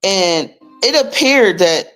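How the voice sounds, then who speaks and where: Soft background music sits under this woman's medium-pitched, slightly bright voice, which moves slowly with lively intonation. Hosting a livestream on finance paperwork, she rants bluntly and profanely, emphatically pushing listeners to control their money.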